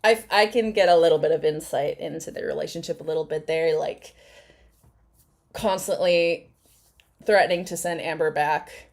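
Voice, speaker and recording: A woman's voice: low-pitched, moderate pace, darkish tone. A woman hosting a casual live chat, rambling and swearing freely as she reacts to clips. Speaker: host.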